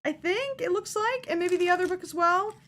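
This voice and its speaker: A woman with an extremely high, slightly bright voice talks a little fast as she streams the opening of a fan's care package. She chats casually despite hiccups, bubbly and gushing, easily delighted by each item.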